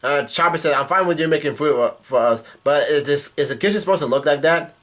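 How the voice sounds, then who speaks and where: A man's voice: on the high side, fast talker, a bit bright. A man casually reading comic dialogue aloud and breaking in with profane asides. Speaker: manga reaction youtuber.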